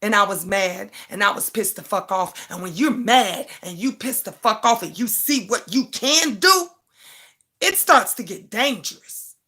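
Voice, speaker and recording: Speaking a little slowly with a medium-pitched, expressive and sharp voice, this older woman chats casually on her livestream. She's blunt, says words again for emphasis, and reads out comments from viewers.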